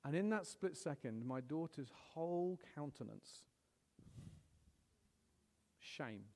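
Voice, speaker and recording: A middle-aged man preaching a sermon, animated, swinging between loud exclamations and hushed storytelling. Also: a little high, slow pace, big-room sound.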